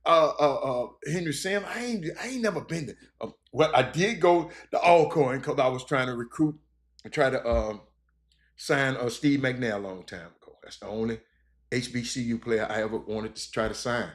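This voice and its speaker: A middle-aged man hosting a loose sports chat for his viewers. He rambles along with many fillers and restarts, animated and chatty, at a pitch in the normal range for a man. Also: normal speed. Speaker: sports broadcaster and show host. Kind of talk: casual live-stream chat with viewers.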